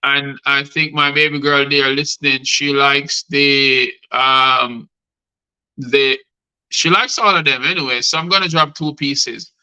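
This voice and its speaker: Host, middle-aged man, crisp bright voice, performs rhyming poems live. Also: mid-range voice, fairly even intonation, a little slow, low-quality recording. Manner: rhythmic spoken-word delivery, addressing guests by name. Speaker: host and poet. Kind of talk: reciting rhyming poetry on a live show.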